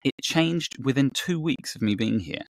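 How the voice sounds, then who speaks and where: A man's voice: mid-range voice, animated, moderate pace, no room sound. A middle-aged man from England with a New Zealand accent, chatting as a podcast guest and telling stories in a rambling way with many fillers and restarts. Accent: New Zealand with a slight British trace. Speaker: voice actor guest. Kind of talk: casual interview chat.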